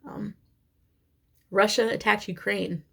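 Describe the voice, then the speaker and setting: A woman's voice: mid-range voice, fairly even intonation, slow, creaky, pushed and bright. A woman in her thirties with a Midwestern American accent, chatting candidly and casually as a cross-stitch vlogger. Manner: chatty, candid, sprinkles in swearing and laughter. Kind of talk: casual chat.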